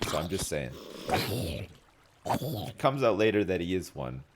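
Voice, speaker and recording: A man streaming a game live, chatting casually with viewers, joking, swearing and telling stories with animated energy. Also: low voice, measured pace, noisy background. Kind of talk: casual live-stream chat while gaming.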